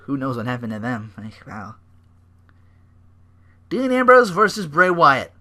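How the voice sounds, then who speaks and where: A man's voice: medium pitch, sing-song, a little slow, bright, forceful tone. A man hosting a podcast alone, rambling through a casual recap, swearing freely and acting out the people he talks about. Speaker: podcast host.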